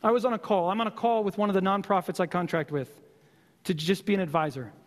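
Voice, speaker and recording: A man preaching a sermon as pastor, with impassioned, repetitive exhortation and slow emphatic stresses. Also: sits high, in a large hall.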